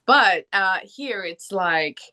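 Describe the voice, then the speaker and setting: An Australian woman voice actor chatting in an interview, animated and laughing, slipping into playful voices. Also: mid-range voice, slow. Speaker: voice actor and singer guest. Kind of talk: casual interview chat.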